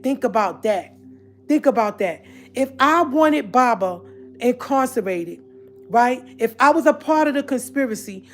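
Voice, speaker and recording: A woman speaking straight to her online audience in a casual, confrontational rant. She is emphatic and keeps repeating her points. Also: a little high. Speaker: online commentator addressing viewers. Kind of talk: casual direct-to-camera rant.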